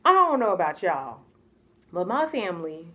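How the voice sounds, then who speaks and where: In a casual vlog, a young woman from the United States tells a personal story in a lowish voice at a moderate pace. She's chatty and expressive, often laughing and acting out what people said.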